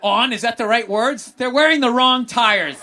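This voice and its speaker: A man hosting a podcast, swearing constantly and bursting into excited yelling during a comedic rant about sports. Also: extremely high pitch, moderate pace. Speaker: podcast host.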